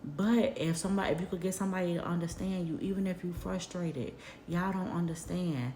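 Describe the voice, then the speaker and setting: Woman vlogger, deep voice, heartfelt storytelling, echoey room. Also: fairly quick, a little hiss or hum. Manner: animated, conversational, heartfelt. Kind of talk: casual storytelling to viewers.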